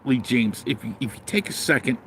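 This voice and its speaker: A man with a brisk, medium-pitched, fairly bright voice rants with blunt sarcasm on a casual livestream, then rambles through viewers' comments. Some slight background noise is present.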